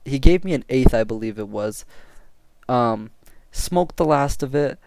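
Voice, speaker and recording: A young man telling a story to his viewers in a casual, excitable, slangy way and swearing freely. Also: medium pitch, unhurried, no room sound, clean studio sound. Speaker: storytime vlogger.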